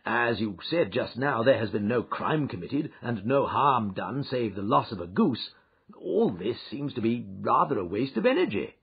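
A man's voice: medium pitch, very animated, moderate pace, slightly rough, pitched below the performer's own voice, heavily acted. A man voicing a good-natured doctor companion who questions things in a wry, skeptical way, in a dull, muffled recording. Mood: amused. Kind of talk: audiobook character reading.

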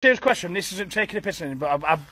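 A man taunting someone with crude swearing during a prank, counting out loud. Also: high-pitched, expressive, fast, slightly rough, no echo. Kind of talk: prank banter.

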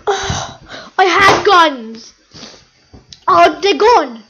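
A woman giving excitable, chatty commentary over her own gameplay video, repeating phrases over and over. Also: very high voice, very slow. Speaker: gaming video host.

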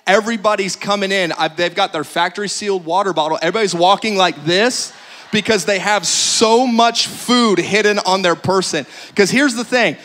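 A man pastor with a high-pitched voice, giving practical announcements to his congregation. He talks in a playful, joking way and stretches things for laughs. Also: fairly bright tone.

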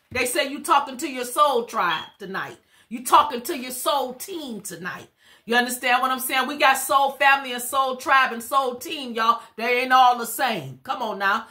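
Bright high-pitched woman in spiritual talk. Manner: rhythmic call-and-response preaching cadence; casual and chatty. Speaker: spiritual reader. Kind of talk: live spiritual tarot reading.

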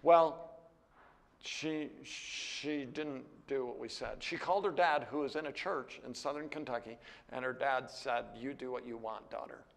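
A man's voice: measured pace, gravelly, long reverb tail. An older American man teaching a classroom Bible lecture, candid and conversational, often checking in with "right?" and "you know". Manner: lively, jumps higher when animated. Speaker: seminary teacher.

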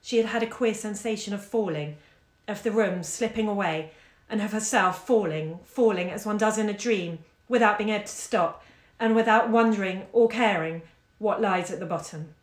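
A woman reading a short story aloud, measured and expressive, growing soft in the sad parts. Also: medium pitch. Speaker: bookshop owner reading aloud. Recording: roomy echo.

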